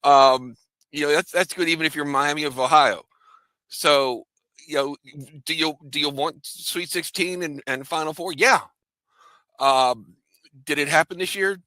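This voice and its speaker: Man, sports panelist, teasing and wisecracking, very bright tone. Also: on the high side, measured pace, no echo. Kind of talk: casual sports talk.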